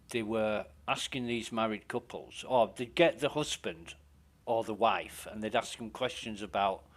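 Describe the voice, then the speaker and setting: Streaming a game, a man chats casually, rambling and swearing and frequently cutting himself off mid-sentence. His voice is lowish with a fairly bright tone.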